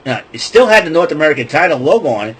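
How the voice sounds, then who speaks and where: A man's voice: a little high, big pitch swings, fast talker, a bit bright, slightly rough, poor audio. A man hosting a podcast, casually retelling wrestling events in a loose, rambling way with lots of fillers and restarts. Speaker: podcast host.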